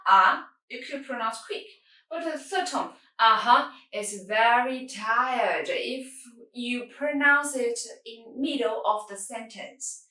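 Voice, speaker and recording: Patient woman teaching tones, slow pace, echoey room off-mic. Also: a little high, fairly bright tone, far from the mic. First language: Mandarin Chinese. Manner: patient, simple non-native English, sings out tone demonstrations. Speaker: Mandarin teacher. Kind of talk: language lesson.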